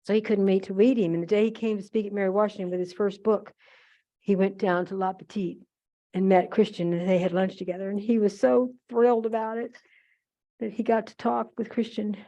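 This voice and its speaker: In a museum event room, an older woman demonstrates holiday decorating while telling rambling, chatty stories full of asides. Her mid-range voice is level, brisk, and warm, captured on a muffled museum archive recording.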